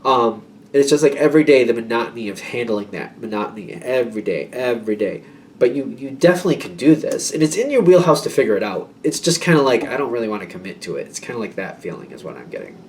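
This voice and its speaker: A man's voice: mid-range voice, very animated, fast talker, far from the mic, a little hiss or hum. A man giving a casual tarot reading to his viewers, rambling and reassuring, with many fillers and restarts. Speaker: tarot reader.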